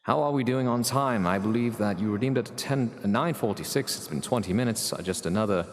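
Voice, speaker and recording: A man's voice: fairly low pitch, brisk, close to an everyday voice. Man doing a bad mock British accent. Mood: wry. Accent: put-on bad British accent. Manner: wry, mock-posh, chatting to chat. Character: streamer doing an exaggerated mock British gentleman. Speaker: streamer. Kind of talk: live stream chat to viewers. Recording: reverby room with background music.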